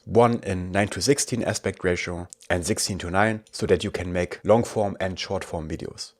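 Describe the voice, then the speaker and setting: A man with a German accent, casually walking viewers through a software tutorial with dry asides. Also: low-pitched. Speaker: tech reviewer. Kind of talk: screen-recorded software tutorial.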